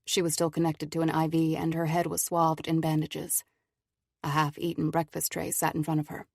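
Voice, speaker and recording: A woman narrating an audiobook in an even, measured way. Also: low-pitched, gravelly, no echo, clean studio sound. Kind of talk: scripted narration.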